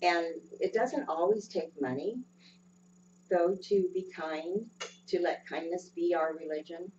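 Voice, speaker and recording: A woman giving a sermon in a gentle, unhurried way, pausing often with ums. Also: lowish voice. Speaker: lay speaker. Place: church sanctuary. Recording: dull distant sound with faint hum.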